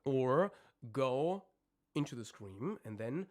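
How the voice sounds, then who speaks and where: A man with a mid-range voice and big pitch swings coaches singers live on stream. He searches for words and speaks haltingly, breaking off to demonstrate screams and other vocal sounds.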